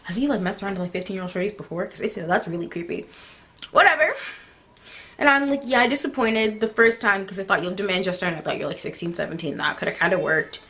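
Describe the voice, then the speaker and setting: A woman's voice: medium pitch, fast talker. A teenage girl telling a story on her vlog, acting out a text conversation and laughing as she goes. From United States. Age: teens. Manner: animated, laughing, acts out text exchanges. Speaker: vlogger.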